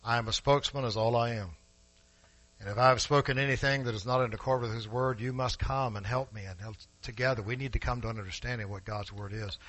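A man preaching a sermon in a church, emphatic and rising to forceful peaks, speaking directly to his congregation. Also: medium pitch, steady tone, fast, no room sound, rough recording. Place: church sanctuary.

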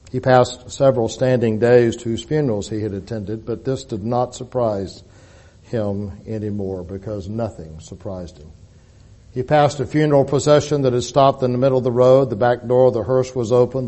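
A man reading a dramatic story aloud as narrator, solemn, rising to loud peaks and then sinking to a hush. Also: mid-range voice.

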